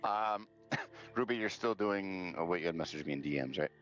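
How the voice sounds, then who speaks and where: A man running a tabletop game as game master, speaking in a relaxed, halting way. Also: sits low. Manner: relaxed, halting, laughs often. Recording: dull lo-fi mic, music behind.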